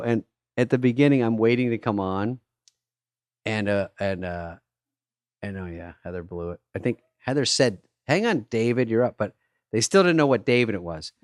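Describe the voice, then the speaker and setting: A middle-aged man from Arizona, co-hosting a podcast in casual chat, telling animated stories with lots of swearing and acted-out voices. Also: mid-range voice, normal speed, dry recording, clean studio sound. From Arizona, USA. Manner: animated storyteller, swears a lot, acts out voices. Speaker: podcast co-host.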